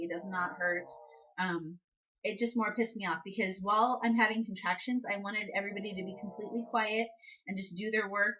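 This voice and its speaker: On a poor-quality recording, a new-mom vlogger with a fairly bright voice chats through a personal anecdote. Her talk is loaded with "like" and "um," and she reenacts what people said with sudden high-pitched outbursts.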